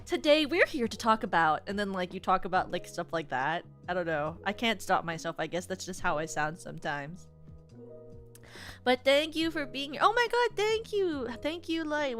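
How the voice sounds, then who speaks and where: A young adult woman streaming live, chatting in a bubbly, rambling way with many fillers and excited squeals. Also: mid-range voice. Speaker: VTuber streamer. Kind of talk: casual live-stream chat.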